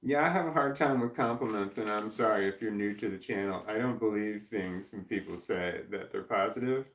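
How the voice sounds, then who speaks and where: A man's voice: lowish voice, brisk, fairly bright tone. Rambling middle-aged man streaming from home. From Missouri, USA. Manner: rambling, self-deprecating, frequent restarts, drones on. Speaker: live streamer. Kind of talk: casual live stream chat reading comments. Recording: echoey room.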